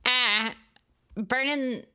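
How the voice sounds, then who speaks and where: A woman's voice: a little high, drawn-out words, bright, forceful tone, smooth. A woman playing a tabletop game, upbeat and giggly. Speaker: player.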